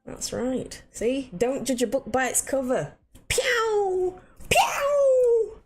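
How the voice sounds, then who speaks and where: A woman's voice: sits high, measured pace, dark tone, faint music behind. A young woman chatting casually to her live-stream viewers, swearing freely and laughing easily. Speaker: game streamer.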